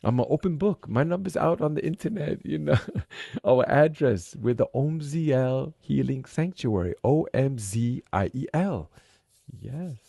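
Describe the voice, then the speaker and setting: A middle-aged man telling his story as a podcast guest, animated and acting out the voices in his head. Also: mid-range voice, a little slow, gravelly, husky, no room sound, studio quality. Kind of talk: casual conversation.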